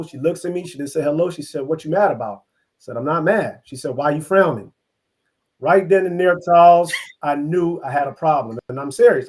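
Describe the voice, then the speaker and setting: A middle-aged man from East Oakland, telling his life story as an interview guest, earnest and halting with many restarts. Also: a little high, darkish tone. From East Oakland, California. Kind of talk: reflective personal storytelling.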